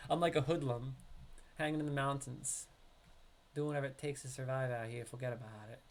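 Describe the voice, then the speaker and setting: A man casually commenting on his game during a live stream, chatting with viewers and now and then breaking into loud excited yelps. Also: mid-range voice, normal speed, pauses often, a little hiss or hum.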